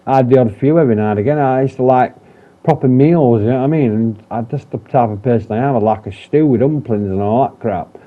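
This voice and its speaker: A man's voice: mid-range voice, quick pace. A man talking candidly in a personal vlog, rambling, swearing often and restarting his sentences. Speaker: vlogger. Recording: dull lo-fi sound.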